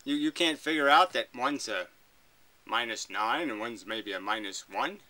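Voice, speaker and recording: A man's voice: mid-range voice, animated, moderate pace, pushed and bright, low-quality recording. A man recording a reaction video, arguing back at a clip with emphatic, profane commentary.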